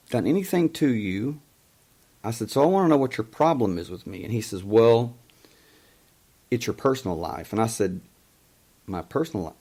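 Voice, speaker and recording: A man's voice: medium pitch, darkish tone. A middle-aged man hosting a call-in talk show, telling a story in an emphatic way and quoting past conversations. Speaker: radio show host.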